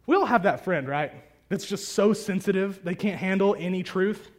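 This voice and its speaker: A man preaching a sermon to a congregation in a conversational, animated way. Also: high-pitched, normal speed. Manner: conversational and animated, acting out prayers. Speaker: pastor. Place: church hall with a congregation.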